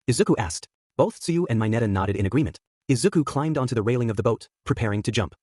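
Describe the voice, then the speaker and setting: Man narrating a fan story briskly. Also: mid-range voice, expressive, warm tone, dry recording, clean studio sound. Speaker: fan fiction reader.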